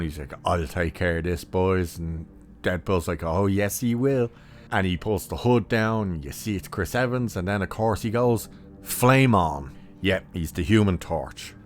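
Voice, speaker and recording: A man giving a casual, rambling spoken film review, blunt and full of restarts and asides. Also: low-pitched.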